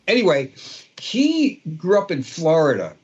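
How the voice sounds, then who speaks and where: A man's voice: on the high side, huge pitch swings, a little slow, a little mellow, breathy edge, lo-fi sound. A man in his sixties from Brooklyn with a Brooklyn accent, a guitarist telling rambling stories in an interview with many fillers and restarts. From Brooklyn, New York. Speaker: guest guitarist. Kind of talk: casual storytelling interview.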